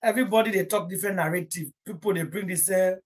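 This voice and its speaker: Husky-voiced young Nigerian woman, gossip livestream host, rambling and heartfelt. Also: lowish voice, fast talker. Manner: rambling, emotional, mixing Pidgin into English. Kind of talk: casual live-stream chat.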